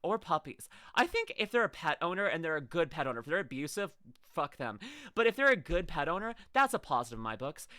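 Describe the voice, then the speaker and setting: Woman streamer, bright tone, dry sound, rambling and stammering as she reacts to clips. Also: low voice, sing-song, quick pace, no room sound. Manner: rambling, stammering restarts and frequent laughs. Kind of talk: casual reaction chat.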